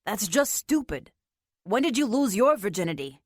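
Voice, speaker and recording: A woman's voice: medium pitch, very animated, normal speed, no room sound, clean studio sound. A woman voicing an awkward, earnest young man in an audiobook, sounding flustered and guarded. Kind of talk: audiobook character voice.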